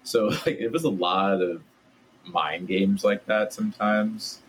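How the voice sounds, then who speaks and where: Deep-voiced man telling stories casually. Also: slow pace, a little hiss or hum, rough recording. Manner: relaxed, many "like" fillers. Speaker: podcast guest. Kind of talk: casual storytelling.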